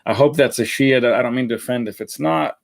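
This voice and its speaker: A man's voice: mid-range voice, fast talker, creaky. Guy doing a live cologne review, chatty and rambly, lots of uh and restarts, normal mid voice. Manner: rambling, many fillers and self-corrections. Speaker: fragrance reviewer.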